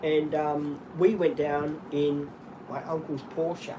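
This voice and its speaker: A middle-aged Australian man rambling through animated stories in casual chat, often laughing. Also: fairly high pitch, slow, background noise.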